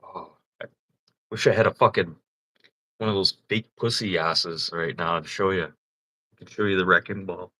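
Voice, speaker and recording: A man hosting a casual livestream chat, telling crude, animated stories and laughing often. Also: low voice, moderate pace, pauses often. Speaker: livestream host.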